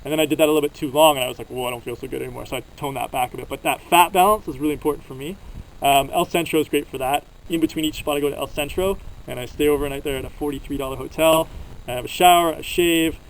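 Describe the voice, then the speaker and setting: A man's voice: fairly high pitch, quick pace, slight background noise, rough recording. A young man from Canada telling travel stories in a casual, rambling vlog, full of fillers, recorded outdoors at a desert campsite. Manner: rambling, filler-heavy storytelling. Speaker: vlogger.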